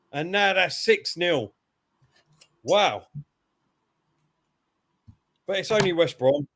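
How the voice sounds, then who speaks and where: A man's voice: sits high, slow, pauses often. A man co-hosting a live football watchalong, reacting to the match and reading out viewers' messages. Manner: excitable over goals, reads viewers' messages. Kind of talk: casual live commentary and chat.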